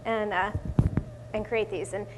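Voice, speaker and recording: A woman's voice: mid-range voice, level tone, a little slow, heavy background noise. A woman co-presenting a live conference workshop, explaining tools and chiming in alongside her partner.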